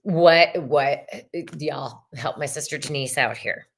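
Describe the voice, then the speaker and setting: A woman's voice: deep voice, slow. A middle-aged woman, hosting a live tarot reading, effusive and chatty, swearing casually and calling viewers y'all and sister.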